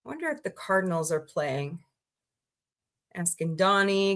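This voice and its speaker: Bright-voiced chatty woman streamer from Missouri. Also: medium pitch, big pitch swings, normal speed. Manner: chatty, rambling, greets viewers and reacts to chat. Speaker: livestream host. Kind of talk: casual livestream chat.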